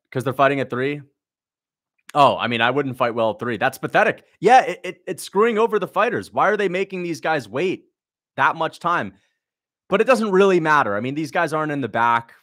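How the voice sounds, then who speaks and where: A man's voice: mid-range voice, fairly bright tone. A young man hosting a livestream, chatting casually, blunt and sarcastic as he reads out viewer questions and mocks what he sees. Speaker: livestream host reacting to a fight.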